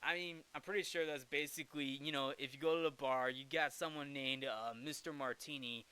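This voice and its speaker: A man's voice: medium pitch, steady tone, a little fast, pushed and bright, smooth. A man hosting a movie review show, giving a casual, rambling film recap with jokey asides and frequent self-corrections.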